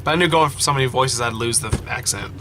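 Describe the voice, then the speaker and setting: A man's voice: medium pitch, fast talker, noisy background. A man commenting casually on a story game as he reads it aloud, laughing, swearing and mocking himself.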